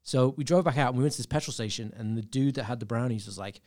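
A man's voice: medium pitch, rapid-fire, a little mellow. A young man casually telling a long, rambling story on a podcast, full of fillers and laughter. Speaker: podcast guest.

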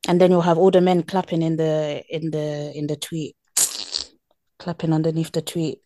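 A woman co-hosts a relaxed podcast chat, easygoing and quick to agree. Her voice sits a little low, and it is recorded close and dry with no room sound. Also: no room sound. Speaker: podcast co-host. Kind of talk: casual chat.

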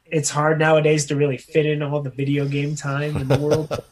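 A man's voice: on the high side, monotone, normal speed, slight background noise. A man co-hosting a casual podcast, talking about games in a loose, jokey way and now and then slipping into goofy voices. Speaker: podcast co-host. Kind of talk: casual chat.

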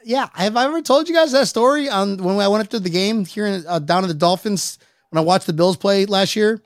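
A man's voice: high voice, brisk, no echo, clean studio sound. Rambling, tipsy man in casual chat. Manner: rambling storyteller, swears freely, many restarts. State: tipsy from drinking. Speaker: podcast host.

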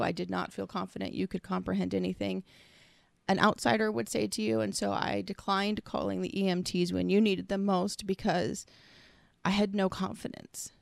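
A woman's voice: mid-range voice, gravelly, dry recording, clean studio sound. A woman co-hosting a casual conversation, earnest and reflective, working through her thoughts in long, searching sentences.

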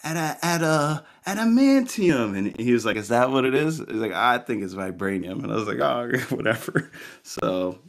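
A man's voice: on the low side, a little fast, vocal fry. A man co-hosting a podcast, telling a rambling anecdote in casual chat with lots of fillers. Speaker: podcast co-host.

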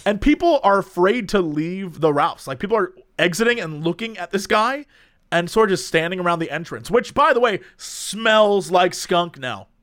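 Relating a humorous anecdote in a casual chat, a man laughs frequently and imitates the people he quotes. He speaks at a moderate pace in a high, animated, slightly bright voice.

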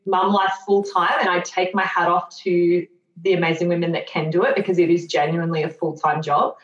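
A woman in her thirties, guesting on a podcast, tells her own story candidly: reflective and earnest, with flashes of self-mocking sarcasm. Her fairly low voice stays fairly flat in pitch and runs a little fast. The recording is dull, roomy, and lo-fi.

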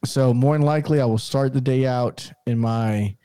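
A man's voice: medium pitch, moderate pace, dark tone, clean tone, no echo. Upbeat man hosting a sports podcast. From Hispanic background. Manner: upbeat, rambling, laughs easily. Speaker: podcast co-host. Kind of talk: casual sports talk.

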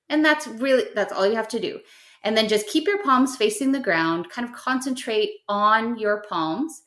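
A middle-aged woman, a podcast guest, explains a simple spiritual practice step by step in a gentle, instructive way. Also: on the high side, normal speed. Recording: roomy echo.

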